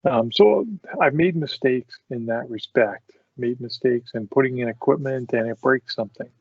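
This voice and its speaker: A male podcast host with a medium-pitched voice tells work stories casually at a moderate pace, often breaking into laughter. The recording is dry, with a dull lo-fi sound.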